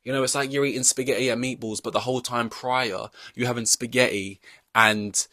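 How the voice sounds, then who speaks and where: A man's voice: mid-range voice, fairly even intonation, brisk, pushed and bright, no echo. A young man hosting a podcast in casual chat, rambling through long-winded analogies and poking fun at himself. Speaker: podcast host.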